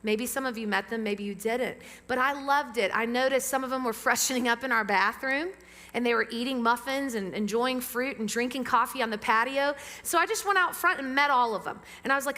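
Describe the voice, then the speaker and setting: A woman pastor preaching a sermon to a church congregation, lively and engaging them with questions. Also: fairly high pitch, a little fast. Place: church sanctuary with amplified sound. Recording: long reverb of a church hall.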